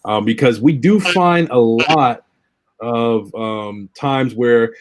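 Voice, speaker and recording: A man's voice: mid-range voice, slow pace, a little hiss or hum. A young adult man moderating a panel discussion, posing questions in a thoughtful, somewhat hesitant way.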